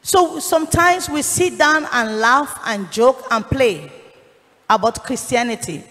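A woman evangelist, giving an emotional testimony that rises to shouting. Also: a little high, expressive, a little slow, big-room sound. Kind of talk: sermon testimony.

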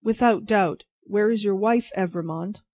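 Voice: medium pitch, measured pace, darkish tone, close to an everyday voice. A reader doing a curt hard officer. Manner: stolid, clipped.

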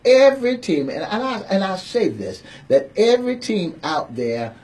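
A man's voice: high voice, moderate pace. Playful Southern-accented male radio co-host. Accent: Southern American. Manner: animated, playful, repeats himself. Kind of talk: casual radio banter. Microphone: studio microphone.

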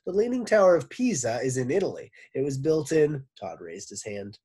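A man, a teacher, reading a children's book aloud with expressive narration. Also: mid-range voice, moderate pace, slightly rough. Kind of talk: storybook read-aloud.

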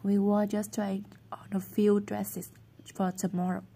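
A woman's voice: medium pitch, level tone, measured pace, dark tone, husky. A woman reading the part of a defensive, rebellious schoolgirl in a storybook.

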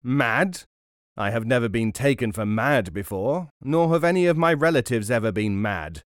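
A man's voice: mid-range voice, animated, normal speed, no echo, close to an everyday voice. Man doing proud carpenter father, indignant, emphatic, storybook, dry. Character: proud, hot-tempered grown father carpenter.

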